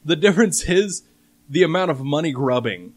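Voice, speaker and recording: A man hosting a casual gaming podcast, laying out details with wry, deadpan sarcasm. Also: a little high, normal speed. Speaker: podcast host. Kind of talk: casual panel chat.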